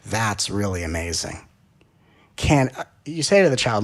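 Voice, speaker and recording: A man giving a spiritual talk in an animated, playful way, often acting out little dialogues. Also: fairly low pitch, moderate pace. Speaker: spiritual teacher.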